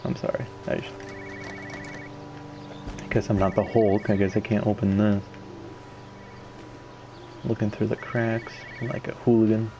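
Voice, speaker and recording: A man's voice: fairly low pitch, flat delivery, unhurried, pauses often, background noise. A man giving casual, joking let's-play commentary. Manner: joking, rambling. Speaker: gaming YouTuber.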